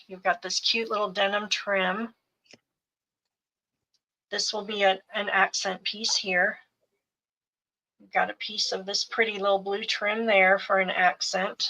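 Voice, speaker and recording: Slow, bright-voiced woman showing crafts. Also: medium pitch, gravelly, poor audio. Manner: unhurried, listing items one by one. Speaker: seller showing craft bundles. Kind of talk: slow live sales show-and-tell.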